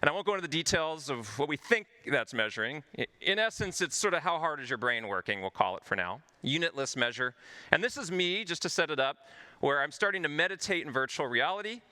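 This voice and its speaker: A man's voice: fairly high pitch, expressive, brisk, pushed and bright. A man, a physician, giving a conference presentation, explaining research earnestly and walking the audience through a patient's story. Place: stage at a health conference.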